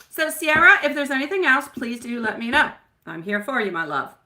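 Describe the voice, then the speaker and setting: A woman in her thirties reads tarot live for her viewers, with a bright, clear tone. She talks in a chatty, meandering way, greeting people by name and calling them sweetie and my love. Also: high voice, very animated, a little fast. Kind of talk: live-stream tarot reading.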